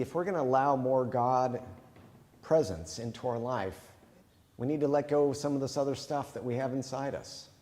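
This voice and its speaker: Male pastor, easygoing conversational preaching with fillers, mid-pitched, chapel reverb. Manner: relaxed, thinking aloud with fillers. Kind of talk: conversational sermon.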